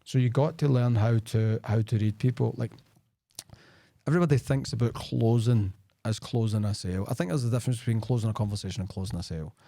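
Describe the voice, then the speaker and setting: Mellow-voiced Scottish man chatting. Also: on the low side, fast talker, gravelly, no echo. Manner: chatty storyteller, peppered with "like" and "right?". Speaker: sales expert guest. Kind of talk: casual podcast conversation.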